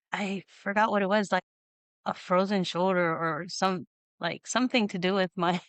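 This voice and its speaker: A woman hosting a podcast, telling a personal story in a casual, animated way and acting out the dialogue. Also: on the low side, clean tone, dry recording. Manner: animated, acts out quoted dialogue with lots of "you know". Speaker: podcast host.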